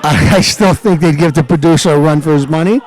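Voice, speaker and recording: A man's voice: a little high, fairly quick, soft background music, some chatter behind. A man hosting his show, hyping the event and interviewing people in a playful, hammy showman manner. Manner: animated, playful hype-man delivery. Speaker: show host.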